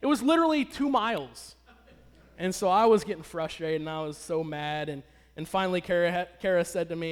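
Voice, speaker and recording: A man's voice: high voice, a little fast, smooth. A man in his thirties telling a personal story to an audience, chatty and asking them questions. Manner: conversational, asks the audience questions. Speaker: speaker addressing an audience. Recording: long hall reverb.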